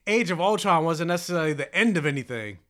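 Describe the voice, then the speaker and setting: A man's voice: on the high side, expressive, fast, sharp tone. A man chatting casually, rambling and restarting his sentences often. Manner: rambling, restarts, lots of fillers. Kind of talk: casual chat.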